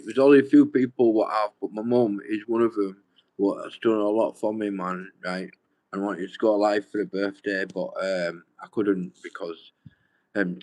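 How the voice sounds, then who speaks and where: A man's voice: on the low side, darkish tone, dry recording, poor audio. A young man, rambling and swearing as he talks straight to his livestream viewers. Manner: rambling, swears a lot, addresses viewers directly.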